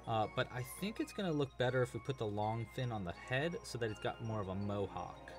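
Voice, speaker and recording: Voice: medium pitch, lively intonation, a little fast, over music. A crochet teacher hosting a casual live crochet-along, chatty and enthusiastic, rambling a bit with restarts. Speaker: crochet teacher and livestream host.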